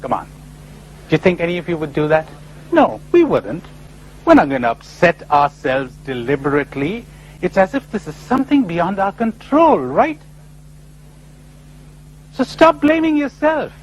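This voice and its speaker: A man speaking to a live audience about spiritual matters, his slightly raised voice swooping up and down with lively energy. He fires off rhetorical questions and briefly acts out how others might answer. A faint hum sits under the recording. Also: sits high, moderate pace, pauses often, low-quality recording. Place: lecture before a live audience.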